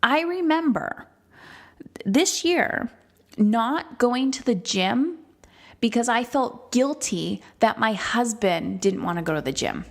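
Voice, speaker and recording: A woman's voice: a little high, expressive, slow, gravelly. A woman hosting a solo podcast as a coach, speaking candidly and emphatically and swearing freely.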